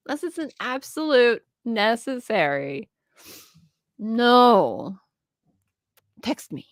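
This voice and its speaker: A woman co-hosting a casual livestream chat, playful and teasing with quick reactions. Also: on the high side, very animated, no echo, studio quality. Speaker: co-host.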